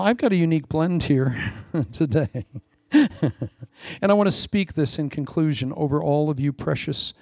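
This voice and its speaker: A middle-aged man preaching a sermon in an animated, preacherly way, with playful asides and laughter. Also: on the high side, dry recording, clean studio sound. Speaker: pastor.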